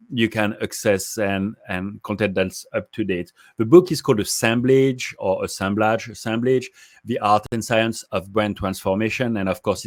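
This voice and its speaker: A man speaking as a podcast guest, measured and articulate as he explains his views. His voice sits low. The sound is close and dry. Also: no echo. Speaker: guest, market research executive. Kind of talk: interview answers.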